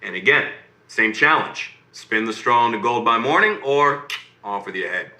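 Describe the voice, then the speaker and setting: Man telling a lively bedtime fairy tale. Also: medium pitch, normal speed. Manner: animated, keeps checking in with okay and right. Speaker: storyteller reading to a child. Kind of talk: bedtime story narration. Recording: roomy echo.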